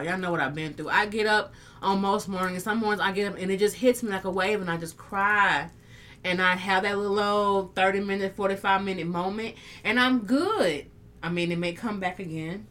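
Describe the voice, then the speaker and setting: A woman's voice: mid-range voice, sharp tone. A woman hosting a casual live-stream talk show, reading viewer comments and speaking candidly and emotionally, swearing freely.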